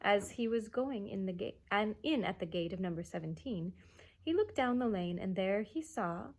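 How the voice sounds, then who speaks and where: A children's librarian reading a chapter book aloud at story time, expressive, with hushed asides. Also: female voice, mid-range voice, normal speed.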